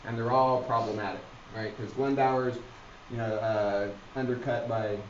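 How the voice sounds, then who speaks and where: A man's voice: mid-range voice, fairly even intonation, normal speed, a little hiss or hum. A man teaching a literature class, rambling with many fillers and restarts. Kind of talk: classroom lecture. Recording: roomy, dull classroom recording.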